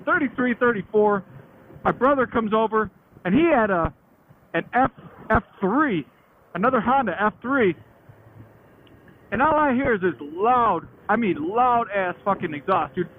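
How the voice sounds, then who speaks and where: High-pitched guy in his late 30s rambling about his bikes, slangy and cussing, sounds like it's over a phone. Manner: slangy, chatty, laughs often, swears. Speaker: motorcycle vlogger. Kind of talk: casual rambling storytelling. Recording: tinny phone-like sound with faint noise.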